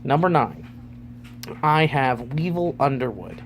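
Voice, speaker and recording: A man's voice: medium pitch, very animated, slow, a little hiss or hum. A man hosting his own vlog, rambling loosely through a ranking with lots of fillers. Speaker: vlogger.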